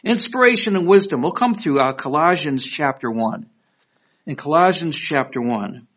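A middle-aged man from Michigan, speaking with a Detroit accent in a voice on the high side at normal speed, preaches as a pastor. His style is conversational storytelling with spirited quoted voices, though the recording is dull and lo-fi.

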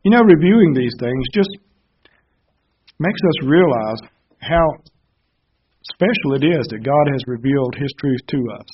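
A man's voice: mid-range voice, lively intonation, measured pace, long pauses, slightly rough, highs cut off. A man preaching a Bible sermon, earnestly explaining verses step by step.

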